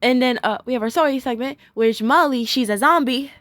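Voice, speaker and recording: A woman's voice: high-pitched, brisk, a bit bright, no room sound. Giggly young woman rambling a cartoon recap. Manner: rambling, giggly, lots of fillers, gushing bursts. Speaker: cartoon episode reviewer. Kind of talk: casual recap vlog.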